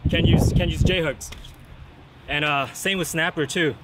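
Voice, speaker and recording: A man's voice: on the high side, a little slow. A man talking casually to viewers from a fishing pier, explaining his gear in an easy-going way and often saying "man". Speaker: fishing vlogger. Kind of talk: casual outdoor fishing vlog. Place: outdoors on a fishing pier in rain and wind. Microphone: camera-mounted mic. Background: wind, rain and outdoor ambience.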